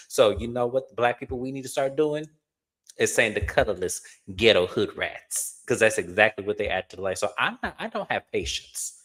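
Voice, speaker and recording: A young man, co-hosting a casual reality TV recap and swooping up into high incredulous exclamations. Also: fairly bright tone. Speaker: co-host.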